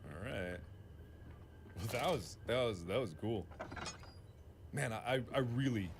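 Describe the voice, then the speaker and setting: A man's voice: lowish voice, lively intonation, slow, noisy background. A man playing a horror game and talking to himself, chatty and joking as he explores. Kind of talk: casual solo game commentary.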